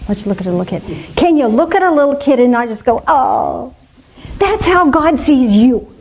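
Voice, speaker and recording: Woman minister, middle-aged, higher voice, warm and playful spiritual talk. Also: animated, fairly quick, slight background noise, rough recording. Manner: warm, playful, musing aloud with asides.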